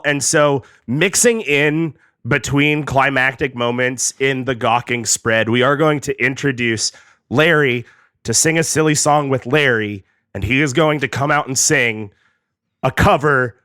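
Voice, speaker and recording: A man pitching a comedy idea to a panel in a slow, mock-serious way. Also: bright, forceful tone, dry recording, studio quality. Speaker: podcast panelist.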